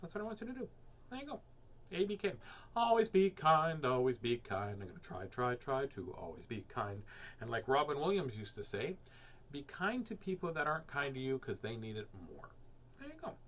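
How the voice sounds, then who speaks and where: Male reading-show host, casual and playful, bright voice, faint background noise. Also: mid-range voice, huge pitch swings, brisk. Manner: chatty, rambling, playful. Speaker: children's book reader and host. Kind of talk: casual chat to viewers.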